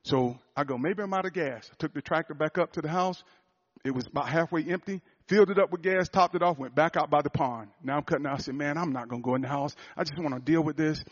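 A man preaching a sermon, telling a personal story, swinging from loud, rising fervor to a hushed, quiet confession. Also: fairly high pitch, fast, highs cut off. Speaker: pastor.

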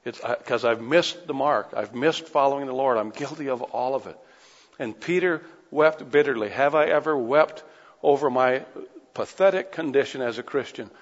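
A man preaching an earnest sermon, moving between quiet reflection and pressing intensity. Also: mid-range voice, normal speed. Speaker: pastor. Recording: dull audio with long hall reverb.

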